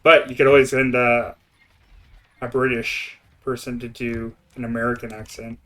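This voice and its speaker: A man's voice: medium pitch, little pitch movement, moderate pace, fairly bright tone. A young man with an Eastern Canadian accent, chatting and rambling while he streams a building game, often laughing. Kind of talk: casual gameplay commentary.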